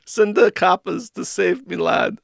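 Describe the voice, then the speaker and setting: A man's voice: high voice, steady tone, a little slow, vocal fry, husky, dry recording, clean studio sound, pitched above the performer's own voice, heavily acted. A man voicing a brash young British lad who calls the police, cocky and full of slang.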